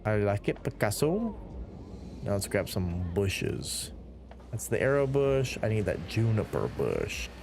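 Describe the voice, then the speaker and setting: A man's voice: fairly low pitch, wildly swooping pitch, a little slow, creaky, background noise. A man streaming a building game, rambling casually and reading viewer chat aloud between giggles.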